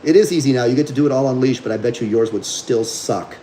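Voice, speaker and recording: A man's voice: medium pitch, fast, warm tone, slight background noise, poor audio. A man hosting a livestream as a dog trainer, talking bluntly and combatively while reading viewer comments.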